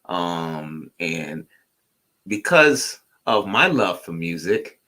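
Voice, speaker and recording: Male co-host, bright forceful tone, loose playful rambling chat. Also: low-pitched, big pitch swings, extremely slow. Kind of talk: casual chat.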